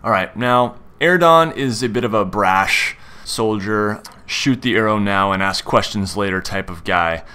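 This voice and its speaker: A man's voice: on the low side, unhurried, hardly any pauses, sharp tone, smooth. A man hosting a tutorial, explaining how to play a tabletop game and acting out his character. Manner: explanatory, plays his character in first person. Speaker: game master and tutorial host.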